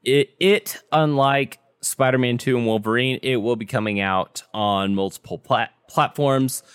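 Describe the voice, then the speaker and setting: Smooth-voiced man chatting about games. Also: mid-range voice, measured pace, dry recording, clean studio sound. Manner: relaxed, lots of ums and restarts. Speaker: podcast host. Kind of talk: casual gaming news chat.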